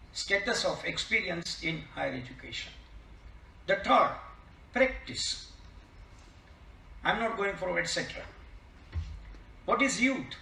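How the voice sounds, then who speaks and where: A man's voice: sits high, vocal fry, bright, forceful tone, slight background noise. An older man with a Gujarati accent giving a formal keynote lecture, stressing single words and asking the audience rhetorical questions. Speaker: keynote speaker. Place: college seminar hall. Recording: echoey hall, distant mic.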